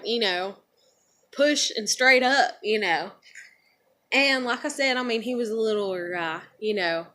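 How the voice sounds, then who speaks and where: A woman talks straight to her camera and tells a story from her own life, looping through it with constant fillers. Her voice sits a bit high and sounds bright and forward. Her tone is blunt and she swears freely. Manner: rambling, filler-heavy storytelling with frequent "like" and "you know". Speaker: vlogger. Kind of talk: casual storytelling while eating.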